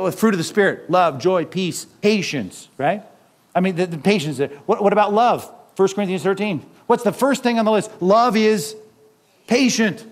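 A middle-aged man preaching a sermon as pastor, animated, asking the congregation questions and acting out quotes. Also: high-pitched.

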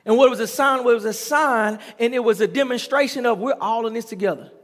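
A man's voice: extremely high pitch, fairly quick. A middle-aged man preaching a sermon as pastor, reading scripture and then telling stories with chanted, repeated lines and prompts for the congregation to answer. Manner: preaching with call-and-response and chanted repetition. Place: church sanctuary. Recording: long hall reverb.

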